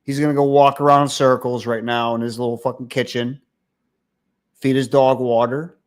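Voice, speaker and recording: A man's voice: medium pitch, level tone, normal speed. A man hosting a livestream, ranting casually with crude, profane mockery. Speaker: livestream host.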